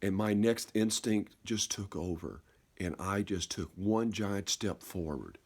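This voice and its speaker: With a deep voice, a man slowly and reflectively shares a personal story. His delivery halts and repeats words, turning softer at key moments.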